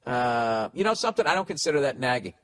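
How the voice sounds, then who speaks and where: A man's voice: medium pitch, sing-song, quick pace, a bit bright, dry recording. A man hosting a podcast, giving blunt, profane, rambling comedic advice. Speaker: podcast host.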